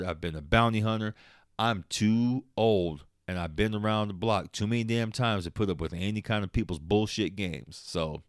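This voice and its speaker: A man's voice: low voice, clean tone, no room sound, clean studio sound. A man hosting his own podcast alone, ranting in a heated, profane way and laughing at himself. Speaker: podcast host. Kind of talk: late-night solo podcast rant.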